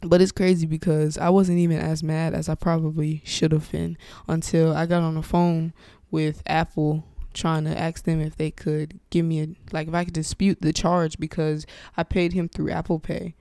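A woman hosting her podcast from home tells her story bluntly and with lots of profanity, acting out what everyone said. Her voice has a gravelly, fry-edged texture that still comes through smooth and clear. The recording is close and dry, with no room sound. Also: deep voice, moderate pace, no echo. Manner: profane, blunt and animated, acts out quoted exchanges. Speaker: podcast host. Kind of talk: casual storytelling chat. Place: at home, with her dog nearby. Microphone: podcast mic, wearing headphones.

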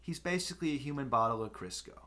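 A young man hosting a comedy podcast, delivering deadpan, mock-pompous rants. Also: mid-range voice, fast talker. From Los Angeles. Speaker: podcast host.

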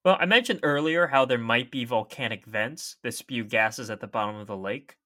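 A young man co-hosting a casual science podcast explains facts in an easy, chatty manner. His voice is medium in pitch, bright and forceful, at a normal speed.

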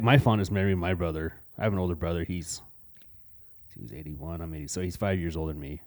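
A man's voice: low voice, darkish tone. A man co-hosting a casual podcast, telling blunt, profanity-heavy stories from his youth. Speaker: podcast co-host. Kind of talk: casual storytelling chat.

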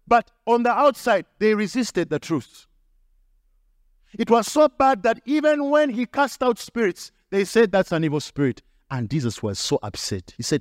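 High-pitched guy preaching hard, repeats lines for punch, close dry mic. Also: very animated, normal speed, no echo. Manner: emphatic preaching with repetition and acted quotes. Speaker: pastor. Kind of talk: sermon.

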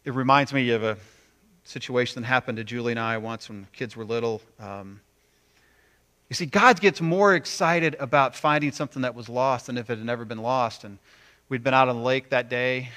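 A man preaching a sermon, animated, acting out quoted voices with big swings between loud and quiet. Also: mid-range voice, normal speed. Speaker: pastor.

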